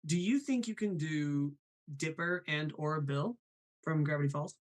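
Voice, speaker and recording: A man hosting a live show, chatting casually about voice impressions and reading questions from the chat. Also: a little high. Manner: chatty, quick asides, reads chat aloud.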